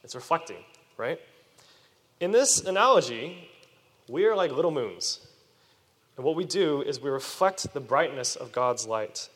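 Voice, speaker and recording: A man preaching a sermon to children, animated and asking his listeners questions. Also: fairly high pitch, a little slow, pauses often, husky. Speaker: youth preacher. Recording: long reverb of a hall.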